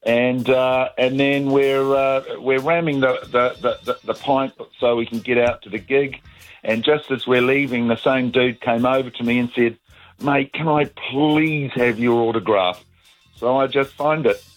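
Middle-aged New Zealand man, radio caller, relaxed rambling storyteller, some faint music behind him. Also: medium pitch, normal speed, poor audio. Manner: easygoing storyteller with many fillers and restarts. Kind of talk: casual anecdote on talk radio.

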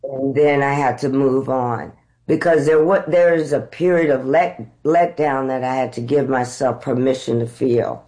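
A middle-aged actress telling candid stories about auditions, unhurried and reflective, growing animated as she retells them. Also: rumbling low. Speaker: actress guest. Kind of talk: candid conversational storytelling.

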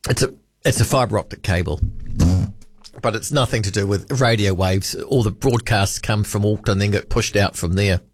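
A man's voice: on the low side, moderate pace, dry recording, soft background music. A man with a New Zealand accent hosting late-night talkback radio, chatty and rambling, often correcting himself mid-sentence. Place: radio studio.

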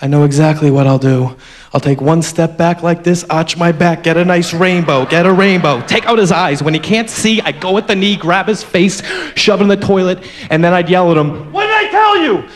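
A man's voice: a little high, moderate pace. Man telling a stand-up bit. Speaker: stand-up comedian. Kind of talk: stand-up routine.

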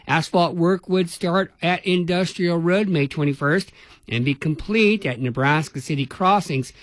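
A man anchoring a local radio newscast, reading the headlines in an even, measured way. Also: fairly high pitch, dry recording. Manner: even, measured newsreader delivery. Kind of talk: read news bulletin.

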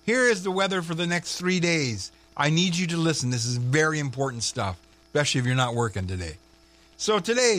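A man's voice: high-pitched, a bit bright. A man hosting a morning radio show in a studio, rambling through the weather in a chatty, self-mocking way that keeps slipping into giggles. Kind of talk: casual radio banter. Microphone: studio microphone.

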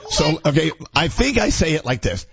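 A man's voice: a little high, big pitch swings, moderate pace, vocal fry, a bit bright, lo-fi sound. A man hosting a radio show, bantering playfully with his co-hosts and a caller, often breaking into laughter. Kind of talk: casual on-air banter.

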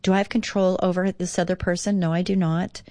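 A woman's voice: lowish voice, level tone, a little fast, warm tone, dry recording, studio quality. A middle-aged woman hosting a devotional talk show, reading and reflecting in an earnest, encouraging way that rises with emphasis. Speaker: radio show host.

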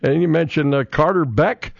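Joking radio sports reporter from North Dakota. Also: male voice, a little high, moderate pace, creaky, slightly rough, no echo. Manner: joking, rattles off scores with filler uhs. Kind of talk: morning radio sports update. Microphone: studio microphone. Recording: dry, slightly muffled radio studio.

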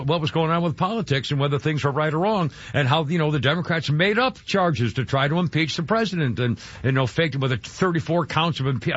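Male talk-radio host, husky, raised pitch, rambling and halting, muffled broadcast sound. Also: fairly bright tone, dry recording. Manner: rambling, halting, full of fillers.

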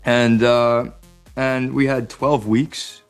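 A young adult man with an American accent, chatting as an interview guest, animated and joking with many fillers and restarts. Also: medium pitch, slow pace, smooth, soft background music. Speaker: actor guest. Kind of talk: casual interview chat.

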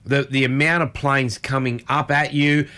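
A man's voice: medium pitch, little pitch movement, normal speed, bright, forceful tone. A man with an Australian accent hosting a casual radio chat, telling rambling stories full of fillers. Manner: rambling, filler-heavy storytelling. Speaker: radio host.

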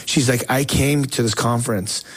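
A man hosting a faith talk show, telling a story in a casual, excited way with slang and frequent restarts. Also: mid-range voice, moderate pace. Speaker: talk show host and evangelist.

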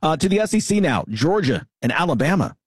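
A man's voice: fairly high pitch, big pitch swings, fairly quick, husky, no echo, studio quality. A man hosting a sports radio show, leading the weekly picks in a casual, upbeat way with frequent fillers. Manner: hesitant, many fillers, upbeat. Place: radio studio.

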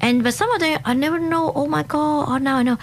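A woman from Hong Kong, speaking with a Hong Kong accent, chats fast and enthusiastically as an interview guest, laughing often. Her voice sits high, and there's a slight hiss or hum in the audio.

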